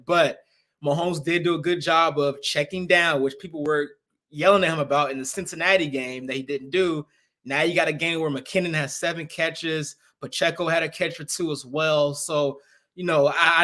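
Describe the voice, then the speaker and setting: Young man co-host, highish voice, laid-back, lots of "like". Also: fairly bright tone. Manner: casual, leans on "like" and "man". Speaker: podcast co-host. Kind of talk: casual sports podcast chat.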